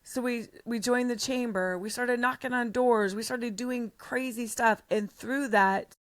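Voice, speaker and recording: A middle-aged American woman, a podcast guest, telling her story in a blunt, animated way with the odd swear word. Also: a little high, unhurried, no room sound, clean studio sound. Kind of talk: storytelling in an interview.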